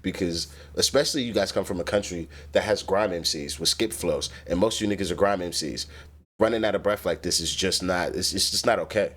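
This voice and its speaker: A man with a fairly low voice talks through rap verses in a relaxed, analytical way. His speech is loose and full of fillers as he reacts from his own setup. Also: a little fast. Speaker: reaction host. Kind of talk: casual commentary.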